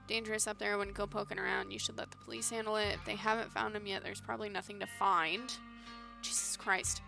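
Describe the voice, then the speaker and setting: Over music, a woman streams a narrative game live, reading its dialogue aloud in character voices and chatting between lines with her own comments. Her mid-range voice is gravelly and flat in delivery, and she talks fast.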